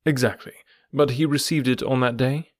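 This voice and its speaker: A shrewd, cool detective from a storybook reading, played by a man. He speaks in a bland, smooth, measured way, and the voice is dry and close, with no room sound. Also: medium pitch, steady tone, no echo, lightly acted. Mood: blandly probing. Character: cool, shrewd male detective, middle-aged.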